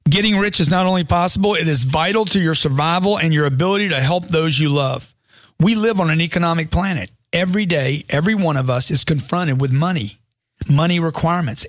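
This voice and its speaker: A man's voice: a little high, dry recording, clean studio sound. A man reading a motivational money book aloud with a punchy, emphatic delivery.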